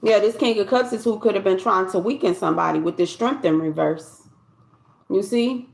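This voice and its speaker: A woman's voice: medium pitch, moderate pace, vocal fry, roomy sound. A woman giving a collective tarot reading in a loose, conversational way, often repeating and restarting her phrases. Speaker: tarot reader.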